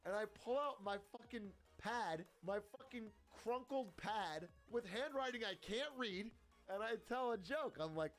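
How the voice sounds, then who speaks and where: A young man streamer telling a personal story in a casual, animated way, swearing often and laughing between lines. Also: high-pitched, unhurried, faint music behind.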